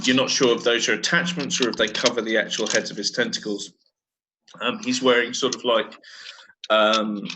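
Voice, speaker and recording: A man's voice: mid-range voice, noisy background. A man narrating as game master for a tabletop game, hesitant and full of ums.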